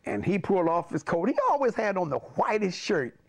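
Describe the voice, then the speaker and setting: An older man from Alabama, a pastor telling stories from his childhood in an animated way, often chuckling. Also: sits high, a little fast, creaky. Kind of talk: personal storytelling.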